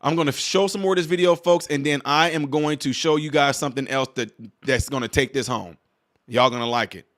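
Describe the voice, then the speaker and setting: A man's voice: fairly high pitch, a little fast, fairly bright tone. A man hosting a reaction video who talks straight to his viewers and fires off mocking rhetorical questions in exasperation. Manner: addresses viewers directly as y'all. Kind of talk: reaction commentary.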